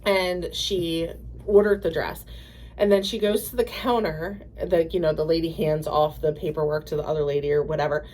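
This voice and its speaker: A woman co-hosting a podcast, telling stories in a halting way with many restarts and acting out quoted voices. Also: sits low. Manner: animated storyteller, acts out quoted voices. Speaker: podcast co-host. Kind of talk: casual chat.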